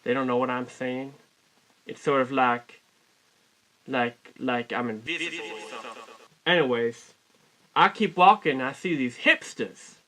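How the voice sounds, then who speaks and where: A man telling a rambling, mock-folksy comic story in a put-on Southern US drawl, deadpan and constantly correcting himself. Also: mid-range voice, unhurried, long pauses. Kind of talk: deadpan comic character monologue.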